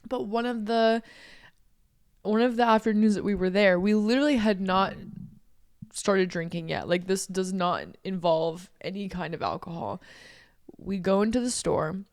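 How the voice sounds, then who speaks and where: A young woman co-hosting a casual podcast, telling a story in an animated way and often breaking into laughter. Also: mid-range voice, normal speed. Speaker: podcast co-host.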